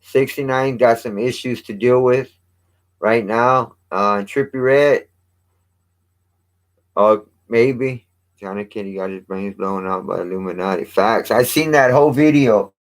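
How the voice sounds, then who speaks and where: A man at an average pitch, talking off the cuff as a vlog host. He rambles, restarts sentences mid-thought and drops casual swear words along the way. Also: a little slow.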